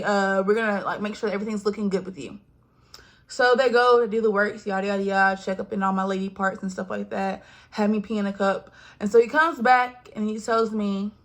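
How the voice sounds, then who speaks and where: A young woman, telling a personal story in casual vlog style, acting out quoted voices and dropping to hushed asides. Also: mid-range voice. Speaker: vlogger.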